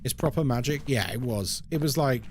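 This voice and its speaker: A man's voice: medium pitch, brisk, background noise. A man giving live commentary on a horror game as a streamer, chatting with viewers and reacting aloud to what happens. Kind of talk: live gameplay commentary and chat.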